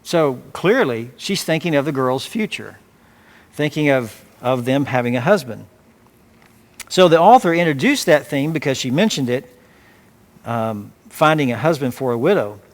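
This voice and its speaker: A man preaching as pastor, reading scripture aloud and explaining it phrase by phrase in a measured way. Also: medium pitch, lively intonation. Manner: measured, with frequent restarts and repeated words. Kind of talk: expository sermon.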